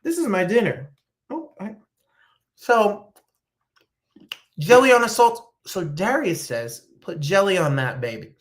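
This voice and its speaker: A woman's voice: mid-range voice, a little slow, pauses often. A woman from New Jersey hosting a casual chat, telling rambling stories and reading viewer comments while eating. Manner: animated, chatty, rambling storytelling.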